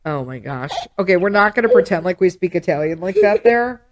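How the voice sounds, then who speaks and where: A woman's voice: lowish voice, animated, brisk. A middle-aged woman hosting a podcast, chatting casually and teasing with a laugh. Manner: warm, laughing, motherly teasing. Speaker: podcast host. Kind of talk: casual chat.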